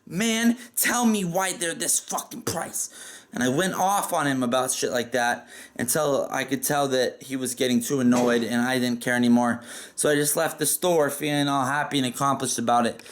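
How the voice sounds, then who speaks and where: A man's voice: medium pitch, steady tone, brisk. Rambling, profane male storyteller. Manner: rambling and profane, with frequent "like" fillers. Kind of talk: casual spoken storytelling.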